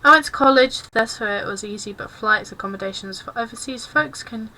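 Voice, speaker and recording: A woman's voice: a little high, brisk, sharp tone, slight background noise, poor audio. A young English woman streaming while she crafts, chatting casually and awkwardly, apologising often. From England. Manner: self-consciously awkward and apologetic. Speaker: cosplay streamer.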